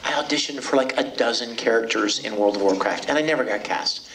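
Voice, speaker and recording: A middle-aged voice actor, speaking fairly quickly in a mid-range voice, jokes and tells animated stories to fans over a handheld mic on a convention hall stage. The casual panel talk is captured from a distance amid a noisy hall.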